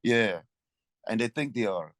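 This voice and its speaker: A man's voice: fairly low pitch, expressive, unhurried, a bit bright, dry recording. Laid-back swearing male comedian. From Africa. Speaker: guest comedian. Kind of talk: casual chat.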